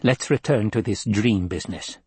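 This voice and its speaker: A man's voice: fairly low pitch, moderate pace, breathy edge, dry recording. Man doing a stern old woman elder. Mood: probing. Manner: commanding and clipped, softening at times. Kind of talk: audiobook character reading.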